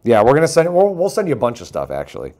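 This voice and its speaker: Lively, excitable male livestream host. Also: mid-range voice, very fast. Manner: joking, excitable, self-mocking. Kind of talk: casual tech news livestream chat.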